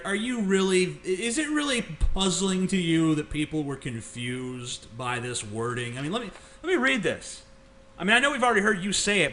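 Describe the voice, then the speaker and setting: A man ranting on a casual vlog in a heated, argumentative way, with a lot of swearing. His voice is fairly high and bright with an edge. He stammers and restarts as he pushes his point. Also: a little hiss or hum. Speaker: vlogger.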